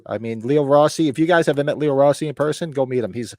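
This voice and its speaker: A man's voice: mid-range voice, quick pace, no room sound. Man in his fifties chatting, dry sound. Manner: relaxed, rambling, restarts sentences. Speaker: podcast host. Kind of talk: casual chat.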